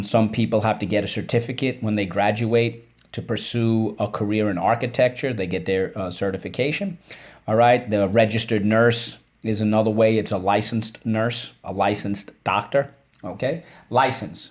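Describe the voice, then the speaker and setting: A man's voice: fairly low pitch, steady tone, normal speed. A man teaching a spelling and phonics lesson, encouraging and repeating each word for students to say back.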